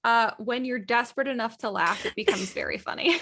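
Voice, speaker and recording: A woman with a Southern American accent chats animatedly on a podcast, laughing often as she tells her stories. Her voice sits a little high. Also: fairly quick. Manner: chatty, animated storyteller who laughs often. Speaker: podcast co-host. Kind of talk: casual chat.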